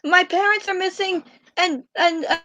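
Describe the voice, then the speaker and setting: Woman playing a panicking young woman, very high voice, bright, stammering. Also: fairly even intonation, normal speed. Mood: panicked. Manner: stammering, frantic. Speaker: player. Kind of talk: voicing a character in a tabletop game.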